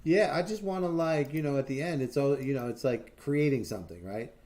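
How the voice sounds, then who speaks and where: A man hosting a livestream chats casually in a medium-pitched, darkish voice at a fairly quick pace. He rambles and swears a lot, full of fillers and restarts, as he tells boastful, enthusiastic stories.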